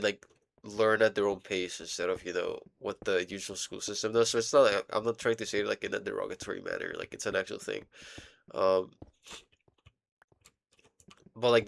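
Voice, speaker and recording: A young man rambling casually in a diary vlog, halting and full of fillers, swearing now and then while he plays a game. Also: fairly low pitch, steady tone, vocal fry, fairly bright tone. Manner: playing a game while talking. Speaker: vlogger.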